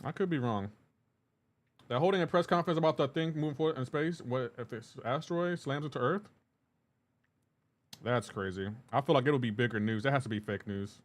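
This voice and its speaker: A man's voice: medium pitch, fairly quick, pauses often. A man live streaming a game, talking loosely with his chat and greeting viewers by name. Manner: talks to chat viewers while playing, loose and chatty. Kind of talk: casual live-stream chat reading comments.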